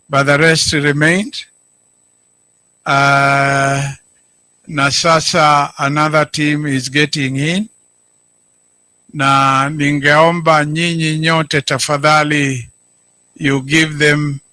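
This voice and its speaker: A middle-aged Kenyan man, a county governor, giving a deliberate public speech and stressing his key words. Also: fairly high pitch, sharp tone, no echo. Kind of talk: public speech, code-switching.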